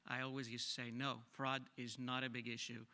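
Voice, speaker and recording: A man's voice: medium pitch, little pitch movement, fairly quick, pushed and bright. A man on a panel discussion, speaking frankly and hesitantly with many fillers.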